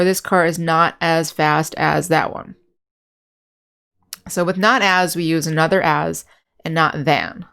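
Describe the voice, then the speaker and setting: A woman English teacher giving a grammar lesson, explaining patiently step by step and slowing down to repeat example words. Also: fairly low pitch.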